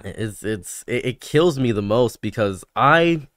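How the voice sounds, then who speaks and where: Male guest, animated storyteller, stammers, dry booth sound. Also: medium pitch, slow pace, dry recording. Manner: rambling, animated anecdotes with stammered restarts. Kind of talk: casual storytelling chat.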